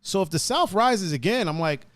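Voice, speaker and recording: A man's voice: high voice, expressive, normal speed, fairly bright tone, no echo. A man from hosting a casual chat, laid-back, swearing and laughing often. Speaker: host.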